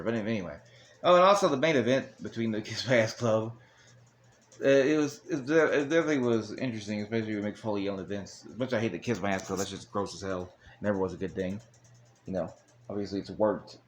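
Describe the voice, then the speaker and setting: A man's voice: on the low side, slight background noise. A man recapping an old wrestling episode in a rambling, casual way with chuckling asides. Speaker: wrestling show reviewer.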